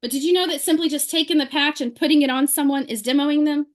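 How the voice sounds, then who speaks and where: Woman, high pitch, animated storyteller who acts out the quotes; testimonial talk to a group. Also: fast. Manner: lively, acts out quoted people in her story. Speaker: speaker sharing a testimonial.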